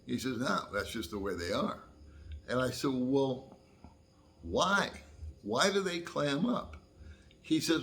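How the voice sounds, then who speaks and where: A man's voice: medium pitch, lively intonation, a bit bright. An older American man vlogging, telling a personal story in a folksy, casual way and laughing at himself. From United States. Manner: folksy, laughs at himself, slow drawn-out asides.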